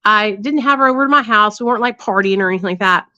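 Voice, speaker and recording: A woman's voice: medium pitch, racing, pushed and bright, no room sound. A woman hosting a livestream, telling a story to her audience bluntly and profanely, with lots of tag questions. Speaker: livestream host. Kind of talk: candid storytelling to a live audience. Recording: dull lo-fi dry sound.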